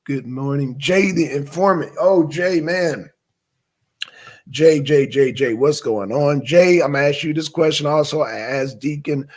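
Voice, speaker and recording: A man with a fairly high-pitched voice speaks a little slowly as he hosts a live stream. He chats casually with viewers, reading chat names and firing off questions, and stays animated, occasionally shouting questions and muttering to himself.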